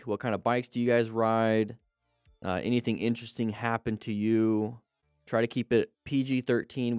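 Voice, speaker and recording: A man's voice: on the low side, a little mellow, clean tone, no echo, clean studio sound. A man hosting a casual live stream, chatting to viewers and greeting them as he reads their comments. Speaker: live stream host and riding instructor.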